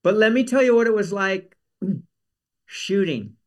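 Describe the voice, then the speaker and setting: High-voiced man telling a story. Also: slow pace. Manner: animated, acts out quotes, rambling asides. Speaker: guest, actor. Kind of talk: casual storytelling.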